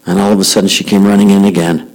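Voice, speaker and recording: A man's voice: sits low, level tone, racing, gravelly, a little mellow, rough recording. A middle-aged man telling stories in a devotional youth talk, acting out the voices of the people he quotes.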